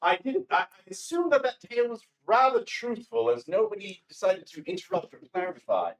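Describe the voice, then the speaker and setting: A game master plays a formal court announcer and introduces each guest with mock ceremony. The pitch rises and falls a lot. The delivery sounds stately and playful. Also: sing-song, a little fast, gravelly, recorded from a distance, poor audio. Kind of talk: live improvised hosting in character. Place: convention stage before a live audience.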